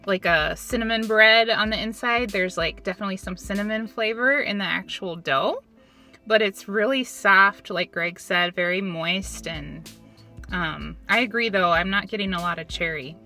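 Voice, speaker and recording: Female food-review host from Minnesota, upbeat and chatty, bright tone, mid pitch. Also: normal speed, faint music behind. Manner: chatty, upbeat, filler words. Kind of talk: casual food review chat.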